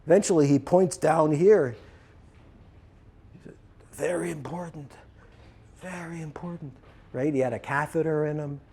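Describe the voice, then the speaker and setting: A man telling a personal story to trainees, lively and acting out both sides of the conversations he recounts. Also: fairly high pitch, unhurried, long pauses, slightly rough. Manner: animated, acts out both sides of a dialogue. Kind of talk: storytelling talk.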